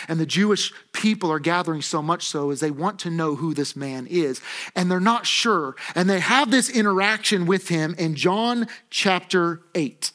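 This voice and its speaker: A male pastor preaching a sermon in a church, animated and acting out the voices he quotes. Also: fairly high pitch, moderate pace. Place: church auditorium.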